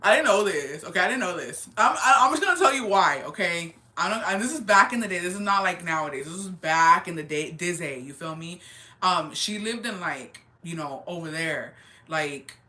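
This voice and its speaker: Young woman in her twenties, bright tone, slightly low voice, slangy casual storytelling with Spanish words. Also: lively intonation, moderate pace. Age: 20s. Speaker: livestreamer. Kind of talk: casual chat.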